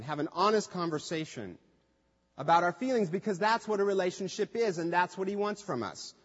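High-voiced preacher in a reverberant hall. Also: male voice. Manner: conversational, acts out quoted voices with humor. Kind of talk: sermon. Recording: dull lo-fi sound with long hall reverb.

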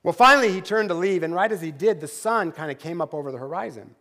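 A male pastor giving a sermon in a church, telling a story in a conversational way with asides and closing in a quiet, slow prayer. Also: on the high side, animated. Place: church sanctuary. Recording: long church reverb.

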